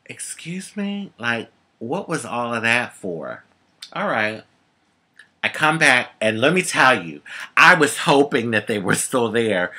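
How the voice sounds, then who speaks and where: Sassy, bright-voiced woman telling a story. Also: very deep voice. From United States. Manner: sassy, animated storytelling with sharp comebacks. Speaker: vlogger. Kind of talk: casual storytelling to camera.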